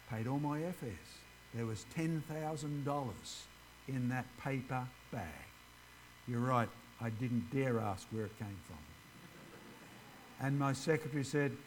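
A man's voice: medium pitch, unhurried, slight background noise, poor audio. A man giving an informal ministry presentation, chatting directly with his audience. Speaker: creationist ministry speaker.

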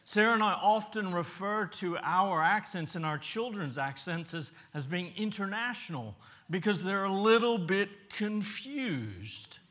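A man's voice: high-pitched, lively intonation, a little slow, pushed and bright. A middle-aged man who grew up in Papua New Guinea, preaching a storytelling sermon in a conversational way and putting questions to the congregation.

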